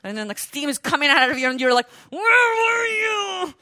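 Woman preacher, high and bright, casual animated sermon style with playful acted-out quotes. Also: rapid-fire, dry recording, clean studio sound. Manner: animated, acts out quoted voices, laughs often. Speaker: pastor.

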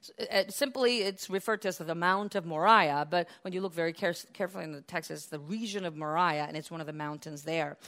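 A woman preaching a sermon, retelling scripture as a lively story with laughs and acted-out quotes. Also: lowish voice, a little fast, hardly any pauses.

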